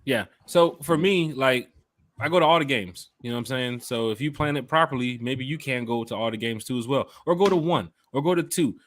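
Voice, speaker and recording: A man's voice: medium pitch, fairly quick, fairly bright tone. A man hosting a casual fan podcast, talking straight to listeners in a loose, upbeat, slangy way. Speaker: podcast host and fan club organizer. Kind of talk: casual chat.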